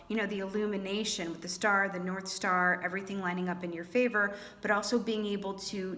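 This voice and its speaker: A young woman reading tarot cards for her viewers in a chatty, animated way, thinking aloud with lots of fillers. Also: mid-range voice. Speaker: tarot reader. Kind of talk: casual tarot reading to camera.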